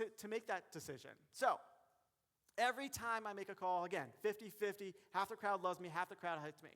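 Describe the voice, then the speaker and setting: A man giving a motivational keynote as a referee, speaking directly to the audience in a lively way. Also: high-pitched. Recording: long hall reverb.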